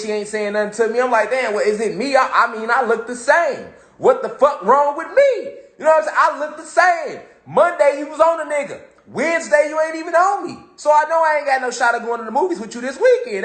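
A man's voice: extremely high pitch, fairly bright tone. A man giving a casual motivational monologue on spirituality, talking in street slang and repeating phrases for emphasis. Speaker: spiritual talk host. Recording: echoey room.

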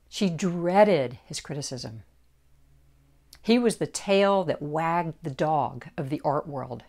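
A woman reads her own book aloud in a measured, deliberate narration. Her voice sits on the low side, and she moves through the text at an unhurried, drawn-out pace. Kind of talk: audiobook narration.

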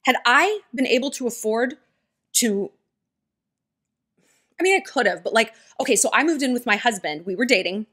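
A woman's voice: on the high side, animated, moderate pace, pauses often, fairly bright tone. A woman giving blunt relationship advice straight to her viewers in a chatty vlog, acting out the people in her stories. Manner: chatty, acts out quoted dialogue in storytelling; blunt, direct-address advice.

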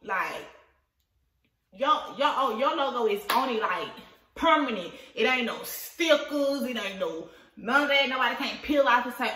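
Excitable high-voiced woman vlogging. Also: a little slow, recorded from a distance. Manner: excitable, laughing, talks straight to viewers. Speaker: small business owner unboxing a package. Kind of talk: casual vlog chat to viewers. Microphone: camera at a distance. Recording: echoey room, voice off-mic.

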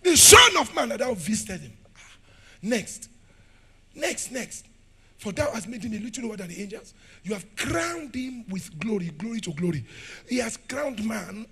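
A man with a Nigerian accent preaches a sermon in a church, his voice pitched very high and swinging wildly. The sound is harsh, bright and gravelly as he shouts and laughs his way through rhetorical questions. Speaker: pastor.

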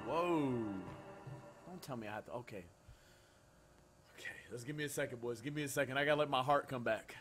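A man's voice: medium pitch, brisk, pauses often. A young man streaming a horror game, chatting in loose, slangy, profane banter and screaming when scared. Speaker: gaming streamer. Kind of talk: casual game commentary. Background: loud game music.

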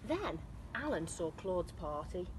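A British woman, an infant school teacher, reading a picture book aloud to children in a slow, expressive read-aloud manner. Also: on the low side, noisy background. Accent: British English.

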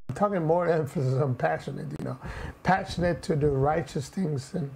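Male preacher, fairly high voice with gravelly fry, earnest and repetitive, sermon delivery. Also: a little mellow, slight background noise, low-quality recording. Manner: earnest, repeats phrases, frequent "you know" fillers.

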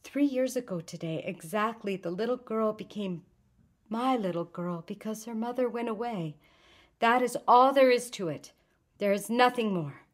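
A woman reading the part of a grieving adult refugee woman, speaking softly with controlled bitterness. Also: a little high, moderate pace, voice pushed up, lightly acted. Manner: soft, hushed, controlled grief.

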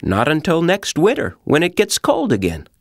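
A man doing a gentle, patient big bear. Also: fairly high pitch, huge pitch swings, dry recording, studio quality, voice pushed up, exaggerated voice. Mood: reassuring. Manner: patient, reassuring, explains slowly.

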